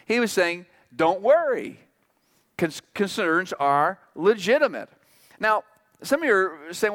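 A pastor preaching a sermon in a church, earnest and conversational, pausing and restarting as he explains. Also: high voice, very animated, a bit bright. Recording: long hall reverb.

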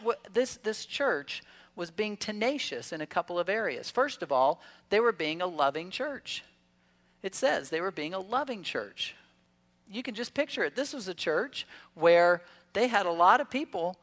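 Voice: medium pitch, expressive, normal speed, a bit bright. Pastor preaching in a conversational way. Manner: conversational preaching with rhetorical questions and humorous asides. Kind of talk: sermon. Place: church service.

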